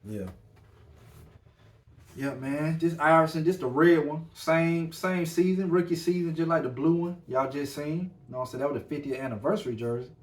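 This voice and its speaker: A man's voice: fairly high pitch, normal speed. A man hosting a casual podcast, talking loosely with lots of slang and fillers. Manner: laid-back, loose slang, filler-heavy. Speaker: podcast host. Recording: voice a bit far from the mic.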